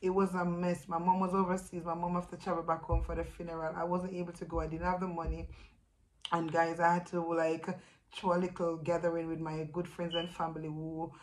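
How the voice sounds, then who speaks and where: A woman with a Jamaican accent talks straight to her viewers in a personal vlog, her voice sitting a little low. She tells her story in a halting, emotional way, breaking off and starting her sentences again. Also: completely flat delivery, slight background noise, rough recording. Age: adult with a young son. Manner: halting, emotional, with many restarts. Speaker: vlogger.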